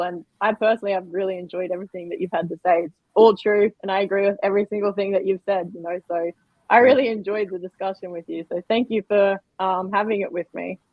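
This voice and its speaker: A woman's voice: medium pitch, no echo. Australian woman, stream host, rambling fillers, lo-fi dry audio. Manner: warm, grateful, rambling with fillers. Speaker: livestream host. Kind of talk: casual interview chat.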